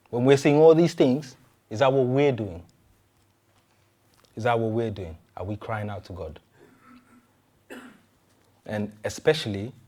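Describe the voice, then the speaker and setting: A man preaching a sermon in a conversational way, firing rhetorical questions at his listeners. He often stumbles and restarts his words as he goes. His voice sits at an ordinary middle pitch. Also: warm tone. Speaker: pastor.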